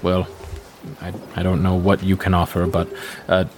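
A man's voice: low-pitched, completely flat delivery, moderate pace, slight background noise, voice pushed down, close to an everyday voice. A man voicing a nervous male town guard who stammers and pleads. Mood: pleading.

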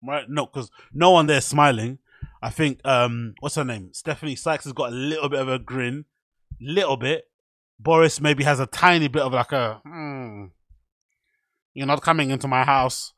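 A man's voice: mid-range voice, normal speed, a bit bright, dry recording, studio quality. A man hosting a solo podcast, chatting casually in a joking, self-mocking way. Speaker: podcast host.

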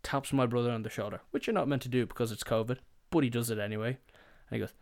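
A young man tells comedic stories in a loose, rambling way, swearing freely and jumping into mock voices. His speaking voice sits at an ordinary middle pitch for a man. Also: steady tone, fast, darkish tone. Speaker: podcast host. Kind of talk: casual comedic storytelling.

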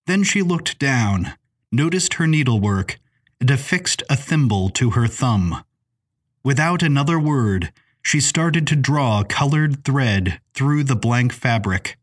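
Husky-voiced male audiobook narrator. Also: medium pitch, expressive. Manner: measured, descriptive reading.

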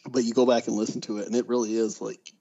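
A man's voice: mid-range voice, flat delivery, quick pace, mellow, breathy edge. A man co-hosting a casual podcast chat, eager and chatty, laughing often. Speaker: podcast co-host. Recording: dull lo-fi sound.

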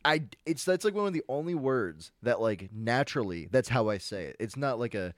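A man's voice: mid-range voice, sing-song, fairly quick, no echo. A young man with a Philadelphia-area accent, telling stories animatedly in casual chat, laughing often and full of fillers.

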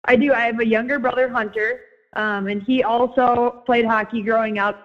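A young woman with a Minnesota accent talks as an interview guest in a friendly, halting way, often pausing on ums. The audio is a bit dull and lo-fi. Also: on the high side, fairly even intonation. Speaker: guest, former college hockey player and coach. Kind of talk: casual interview chat.

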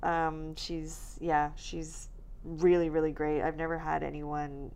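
A woman's voice: deep voice, little pitch movement, takes it slowly, a little mellow, clear, resonant tone. A young woman co-hosting a podcast, chatting casually with lots of filler words, tired and yawning from recording late. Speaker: podcast co-host. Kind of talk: casual chat.

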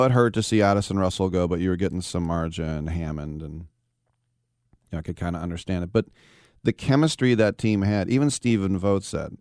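A man hosting a live sports talk radio show, telling baseball stories in a casual, animated way. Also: low voice, no room sound, clean studio sound. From San Francisco Bay Area. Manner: storytelling, animated, acts out quotes.

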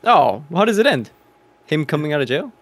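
Male podcast co-host, quick and laid-back, teasing banter. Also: on the high side, very animated, dry recording. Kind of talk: casual chat.

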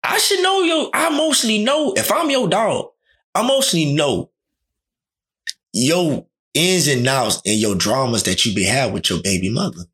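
A man's voice: a little high, lively intonation, unhurried, a bit bright. A man talking in a casual, slangy chat, often acting out quoted dialogue.

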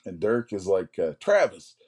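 A man in his forties, a comic artist, telling rambling anecdotes in a casual interview, often clearing his throat. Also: low voice, warm tone. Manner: rambling anecdotes, acts out others' lines.

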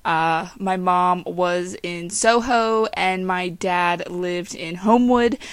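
A woman's voice: lowish voice, slow pace, smooth, no room sound. A young woman from western Pennsylvania with a faint Pittsburgh accent, hosting her own podcast in a casual, rambling, chatty way with frequent laughs. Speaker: podcast host.

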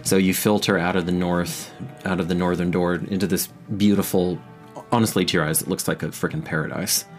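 A man runs a tabletop game, narrating scenes with dramatic, unhurried weight and frequent restarts. His voice sits very low. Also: flat delivery, faint music behind. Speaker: game master.

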